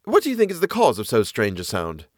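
A man voicing a curious, wary gentleman companion who asks plain questions. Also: medium pitch, wildly swooping pitch, fast talker, no room sound, clean studio sound. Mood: uneasy.

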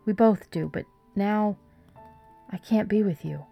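A woman doing a gentle ghostly dad. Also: mid-range voice, unhurried, gravelly, lo-fi sound, soft background music, voice pushed up. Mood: tender. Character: loving late father, gentle, man.

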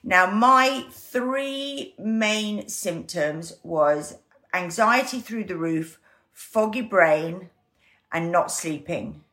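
Woman, fifties, guest telling a personal story in a low voice, animated, acts out the people she quotes. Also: drawn-out words. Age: 50s. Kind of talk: candid conversational storytelling.

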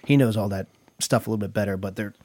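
A man co-hosting a casual whiskey tasting podcast, relaxed and savoring, often trailing off mid-thought. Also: lowish voice, fast talker, no echo.

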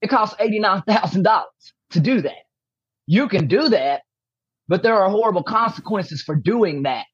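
Woman, husky, emphatic, repeats herself, candid interview, lo-fi dry sound. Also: mid-range voice, lively intonation, moderate pace, dry recording. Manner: emphatic, repeats key points. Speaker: podcast guest, athlete. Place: room at home with posters behind.

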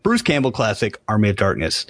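A man's voice: on the low side, huge pitch swings, fairly quick, dry recording. A man co-hosting a podcast, chatting casually with wry, teasing remarks. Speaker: podcast co-host. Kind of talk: casual chat.

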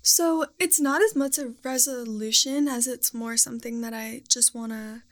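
Chatty young woman with vocal fry. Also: on the high side, normal speed. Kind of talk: casual chat.

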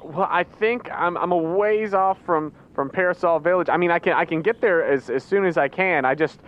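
A player voicing an eager young male trainer who talks in halting bursts with many restarts during a tabletop role-play. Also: mid-range voice, voice pushed up, close to an everyday voice. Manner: halting, full of restarts and fillers. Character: young man traveling trainer, eager and rambling. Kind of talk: tabletop role-play over a phone call. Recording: dull lo-fi sound.

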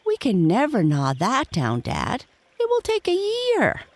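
Storyteller putting on a squeaky little beaver kid, jumpy and worried, way up high. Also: wildly swooping pitch, a little slow, dry recording. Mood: alarmed. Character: excitable young boy beaver, timid. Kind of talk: bedtime storybook reading.

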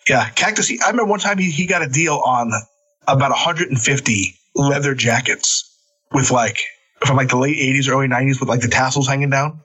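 A man casually telling wrestling-road stories, animated and cursing, acting out the quotes. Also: mid-range voice, a little fast, husky, poor audio. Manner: animated, swearing, acts out quotes. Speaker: podcast guest, former wrestler. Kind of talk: casual storytelling.

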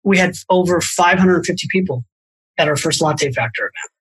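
A middle-aged man, a financial author and podcast guest, tells anecdotes in a lively way with quick asides. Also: sits high, background noise. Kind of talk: storytelling in a podcast conversation.

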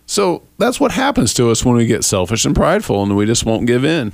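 A man hosting a casual faith podcast, talking in a relaxed, rambling, self-deprecating way. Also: medium pitch, brisk, creaky, dry recording, clean studio sound. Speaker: podcast host.

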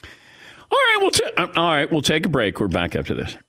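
Teasing man with a very lively voice. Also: fairly quick. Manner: teasing, laughs a lot, wildly lively pitch. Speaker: sports radio host. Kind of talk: casual radio banter. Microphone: studio broadcast mic.

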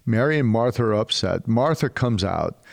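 A man preaching a sermon in a casual, animated way, with slangy asides to his listeners. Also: lowish voice, normal speed, vocal fry. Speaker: pastor.

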